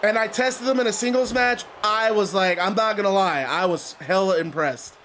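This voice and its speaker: This man's voice sits unusually high, and he commentates a wrestling video game in casual play-by-play. His talk is loose and sometimes profane, and it bursts into shouting at the big moments. A faint hum of background noise runs under the recording. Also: moderate pace. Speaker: gamer commentating his own matches.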